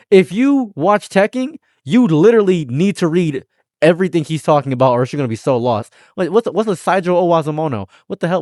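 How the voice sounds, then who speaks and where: Excitable joking man, lively pitch. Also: no room sound, studio quality. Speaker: channel host. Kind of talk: casual commentary chat.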